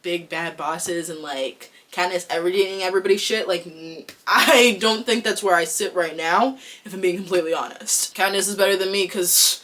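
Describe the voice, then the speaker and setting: A woman's voice: on the low side, normal speed, hardly any pauses. A young adult woman from Boston with a Boston accent, talking casually to camera as an actor vlogger, chatty and candid with lots of "like". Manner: chatty, fills with "like", candid and excitable.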